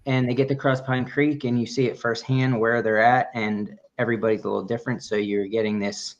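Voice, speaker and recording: A man's voice: medium pitch, little pitch movement, brisk. A man co-hosting a running podcast, talking in a casual, enthusiastic and rambling way with many restarts. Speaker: podcast co-host. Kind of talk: casual chat. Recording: dull lo-fi audio.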